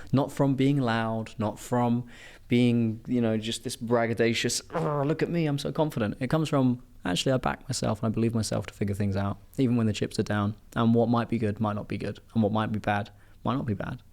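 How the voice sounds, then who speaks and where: Male podcast host, slightly low voice, lively storyteller who plays out quoted characters. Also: fairly quick, hardly any pauses. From England. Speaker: podcast host and performance coach. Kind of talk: casual podcast chat with storytelling.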